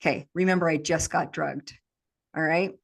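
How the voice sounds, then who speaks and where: With steady intensity and vocal fry, a woman guesting on a podcast recounts a traumatic memory in vivid present tense as if reliving it. Her voice is fairly low, and she speaks at a moderate pace.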